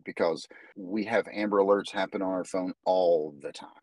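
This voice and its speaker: A man, a jiu-jitsu instructor, talking as a guest in a casual podcast interview, animated and full of restarts. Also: deep voice, normal speed, no echo, poor audio. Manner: animated storyteller, many restarts.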